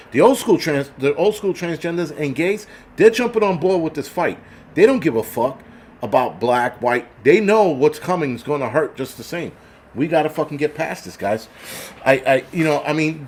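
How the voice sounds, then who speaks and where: A man's voice: on the high side, a little mellow. Blunt, foul-mouthed ranting man. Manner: blunt, heavily profane, repetitive restarts. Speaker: livestream host. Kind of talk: ranting livestream chat, reading donations.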